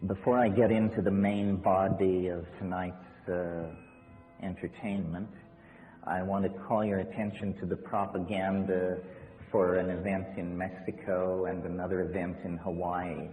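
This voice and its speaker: Deep, flat-voiced man in an echoey hall. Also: measured pace, phone-quality sound, faint music behind. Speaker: lecturer opening an evening talk. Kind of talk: public lecture.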